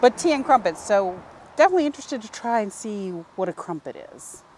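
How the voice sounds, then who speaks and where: A woman's voice: medium pitch, big pitch swings, brisk, a little mellow, a little hiss or hum. Chatty goofy woman from the American South. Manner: goofy, chatty, laughs easily. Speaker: vlog host. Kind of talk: casual food vlog chat. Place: outdoor tea house seating.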